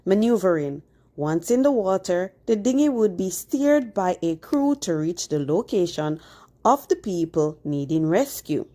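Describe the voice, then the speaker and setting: Slow, explanatory woman vlogger. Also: on the low side, very animated, dark tone. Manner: explanatory, conversational. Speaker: cruise vlogger. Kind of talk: vlog voice-over narration.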